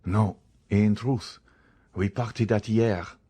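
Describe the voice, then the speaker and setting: A man's voice: on the low side, fairly even intonation, slow, warm tone, slightly rough. A man reading the part of a frightened, evasive escaped convict pleading with a priest in an audiobook.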